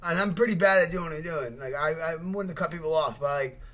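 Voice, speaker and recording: A man rants over clips he is reacting to, his voice sitting a little higher than most men's. He talks in loose, rambling bursts, swearing constantly and throwing in mocking asides. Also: fast talker, a bit bright. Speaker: reaction video host. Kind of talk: casual profane reaction commentary.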